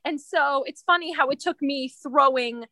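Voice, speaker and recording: Young woman, podcast guest, chatty self-deprecating, high bright voice, dry sound. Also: normal speed, no room sound. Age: young adult. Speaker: guest composer. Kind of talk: interview answers.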